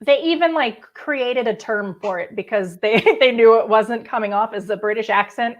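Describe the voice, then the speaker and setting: A woman's voice: fairly high pitch, moderate pace. A woman hosting a casual TV chat, talking in a chatty, giggly way with lots of "like". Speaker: host.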